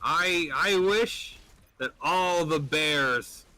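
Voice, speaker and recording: A man voicing a boastful, greedy male bear, loud and excited. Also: fairly high pitch, extremely slow, dry recording, pitched above the performer's own voice, full character voice, rough recording.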